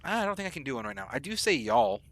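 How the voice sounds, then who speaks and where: A man's voice: mid-range voice, sing-song, rapid-fire, a bit bright. A man, streaming a game and chatting in a rambling, easygoing way. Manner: rambling and chatty, lots of fillers. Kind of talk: casual chat while gaming.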